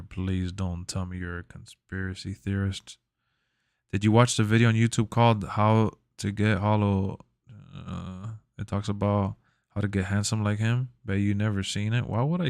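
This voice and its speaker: A man streaming live, chatting casually in a relaxed, rambling, slangy way into a close mic. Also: fairly low pitch, creaky, no echo.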